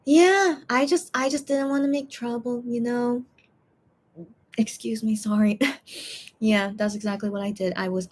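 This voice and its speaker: A tired woman hosting a casual livestream, chatting in a rambling way and reading fan comments aloud. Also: mid-range voice. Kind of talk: casual chat.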